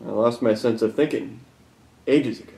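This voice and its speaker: A man's voice: medium pitch, normal speed, creaky, warm tone. A young man co-hosting a comedy news sketch, bickering with his partner in a sardonic way. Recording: echoey room.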